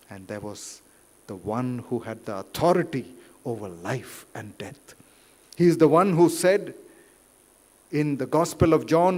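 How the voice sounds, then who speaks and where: A man preaching a sermon in a church, rising loud for quotes and dropping quiet. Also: medium pitch. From India. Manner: slow, deliberate, rises loud for quotes then drops quiet. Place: church hall. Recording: reverberant church hall.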